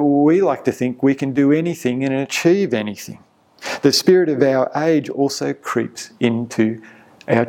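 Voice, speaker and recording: A man's voice: mid-range voice, darkish tone. A man preaching an earnest, emphatic sermon as pastor, often repeating a word as he builds a point.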